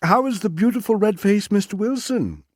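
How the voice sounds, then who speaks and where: A man's voice: high-pitched, expressive, normal speed, darkish tone, dry recording, clean studio sound, voice pushed up. A man reading a story aloud, voicing a spoiled, sweetly cutting wealthy American wife in a raised voice. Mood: mocking. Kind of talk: audiobook character reading.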